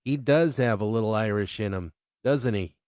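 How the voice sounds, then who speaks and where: A man's voice: on the low side, moderate pace, darkish tone, clean tone, no room sound, clean studio sound, close to an everyday voice. A man voicing a cheerful, talkative male friend with an upbeat, chatty manner.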